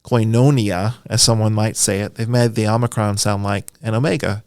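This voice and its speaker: A man's voice: on the low side, level tone, fairly quick, clean tone, no room sound, studio quality. A man, a Bible scholar guest, explaining at length in a friendly, enthusiastic podcast interview, with a self-deprecating touch.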